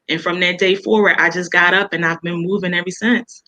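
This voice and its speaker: Woman, bright voice, emotional storyteller, lots of fillers and restarts, casual interview guest. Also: lowish voice, steady tone, fairly quick, few pauses, muffled recording. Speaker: guest author.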